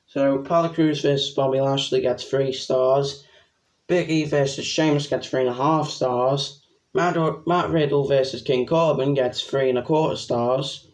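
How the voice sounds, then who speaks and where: A young man giving a rambling, excitable spoken review of a wrestling event. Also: medium pitch.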